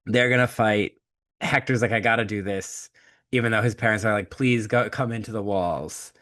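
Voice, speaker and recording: A man co-hosting a podcast, retelling a story in casual chat, comic and profane, acting out the characters with quick shifts of voice. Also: fairly low pitch, steady tone, fairly bright tone. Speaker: podcast co-host.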